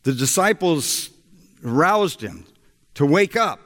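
A male preacher telling a story in a sermon, unhurried, with a voice that rises and falls freely. The sound rings with the long reverb of a large hall. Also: medium pitch, animated. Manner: slow, storytelling delivery. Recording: echoey hall.

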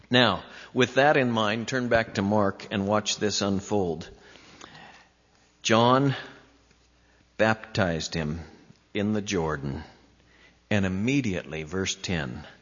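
Man, preacher, unhurried expository sermon, emphatic rises, muffled lo-fi sound. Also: a bit bright. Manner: emphatic, drawn-out phrasing with sudden rises in pitch. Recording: dull lo-fi recording in a reverberant hall.

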